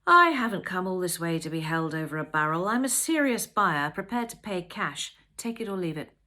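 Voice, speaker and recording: A woman doing a gruff, weary older man. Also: on the low side, very animated, moderate pace, pushed and bright. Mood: brusque. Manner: brusque, impatient.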